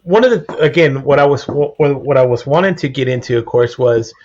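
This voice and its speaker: A man hosting a casual podcast interview, rambling and halting as he asks questions. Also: medium pitch, noisy background. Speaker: podcast host. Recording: dull lo-fi stream audio.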